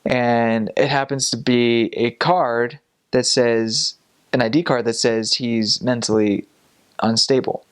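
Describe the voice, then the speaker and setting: A young man recounts a story in a casual, easygoing vlog. He is animated, laughs often and slips into the voices of the people in his story. His pitch sits in the middle for a man. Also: takes it slowly, smooth. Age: young adult. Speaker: former missionary telling a story.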